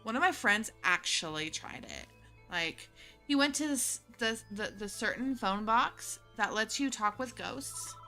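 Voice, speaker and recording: A woman's voice: mid-range voice, bright, forceful tone. A woman voicing a bubbly young schoolgirl in a Valley Girl drawl, reading game dialogue aloud.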